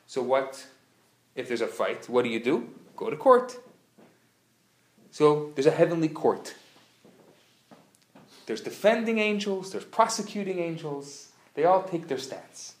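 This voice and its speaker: A man teaching a live class, an animated, playful storyteller who acts out the dialogue. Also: a little high, unhurried. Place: classroom at a community center. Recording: roomy live room sound.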